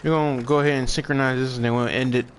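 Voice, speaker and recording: Young man, gaming streamer, casual commentary, laid-back, middle pitch, faint background noise. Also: fairly even intonation, racing. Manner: laid-back, chatty, thinks aloud while playing. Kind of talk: casual live gameplay commentary.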